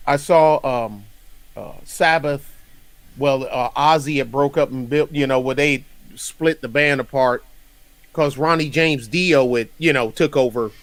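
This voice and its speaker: A man in his fifties from North Carolina, hosting a casual chat and telling stories in an animated, rambling way with frequent laughter. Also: mid-range voice, unhurried, no echo. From North Carolina, USA. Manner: rambling, animated storyteller who laughs often. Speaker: podcast host.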